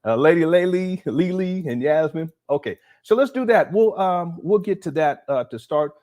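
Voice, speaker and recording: A man's voice: fairly high pitch, animated, moderate pace, a little mellow. A man hosting a casual live stream, reacting to a clip with incredulous, laughing commentary. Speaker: livestream host.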